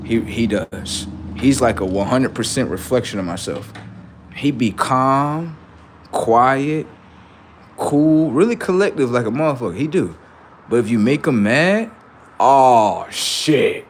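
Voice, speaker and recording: A middle-aged man rambling profanely to his livestream about his kids, acting out what they say in lively quoted voices. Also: mid-range voice, takes it slowly, a little hiss or hum. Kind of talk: casual monologue to a livestream audience.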